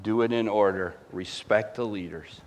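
A man preaching a sermon as pastor, emphatic and animated, swinging between loud swells and quiet drops. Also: lowish voice, normal speed.

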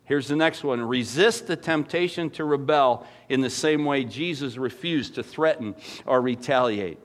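A man preaching a sermon, telling stories with big swings from quiet, low passages to loud, excited ones. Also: normal speed. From former dairy farmer. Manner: animated storytelling, swings from soft to loud. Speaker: pastor.

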